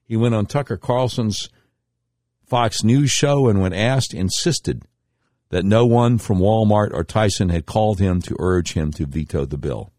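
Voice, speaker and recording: A man's voice: a little slow, no echo, studio quality. A middle-aged man hosting a radio talk show, delivering a political commentary monologue in an emphatic, indignant way. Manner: emphatic, indignant storytelling with sharp pitch swings.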